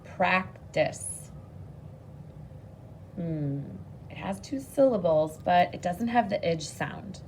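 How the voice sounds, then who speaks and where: A woman teaching a phonics lesson to children on video, patient and encouraging, speaking slowly and clearly. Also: on the low side, expressive, a little mellow, slight background noise.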